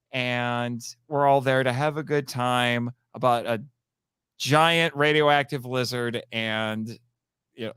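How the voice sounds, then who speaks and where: A man's voice: mid-range voice, fairly bright tone, clean tone, no room sound, studio quality. A man hosting a casual late-night livestream chat. He is tired, laughs easily and talks in a loose, rambling way. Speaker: podcast host. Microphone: video call setup.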